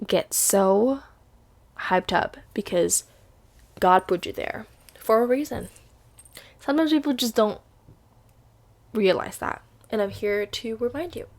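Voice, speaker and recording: A woman's voice: medium pitch, unhurried, creaky. A woman in her twenties talking straight to camera in a chatty, upbeat vlog, often restarting her sentences. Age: 20s. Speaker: vlogger. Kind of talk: casual vlog monologue.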